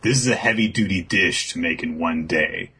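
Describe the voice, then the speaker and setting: Brief: a man voicing a blunt young cook, low and gravelly. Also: moderate pace, pushed and bright, full character voice. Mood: lecturing. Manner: blunt, lecturing. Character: chivalrous young man, a cook, hot-tempered.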